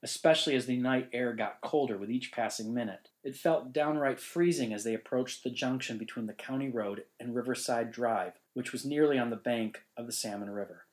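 A man reading a ghost story in measured, suspenseful narration. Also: medium pitch, low-quality recording. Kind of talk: scripted narration.

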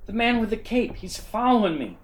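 A man voicing a terrified, drunk young man who pleads and shouts in a storybook. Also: high-pitched, sing-song, fairly quick, slight background noise, voice pushed up. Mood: panicked.

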